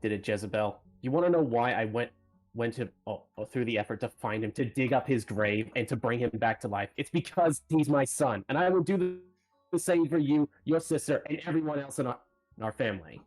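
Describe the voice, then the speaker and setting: A man's voice: medium pitch, brisk, darkish tone, faint music behind, voice pushed up, lightly acted. A man voicing a guilt-ridden father in a tabletop game, pleading and emotional, his voice climbing as he insists. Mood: pained, defensive. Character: grieving guilt-ridden father defending himself.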